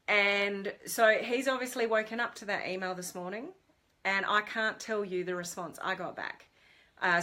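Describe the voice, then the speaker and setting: A middle-aged woman talks straight to her viewers in a casual live stream. Her voice is bright and forward. She tells her story in an animated, chatty way, full of ums and quick asides, and her pitch sits in an ordinary middle range. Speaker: business mentor. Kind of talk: casual Facebook Live talk.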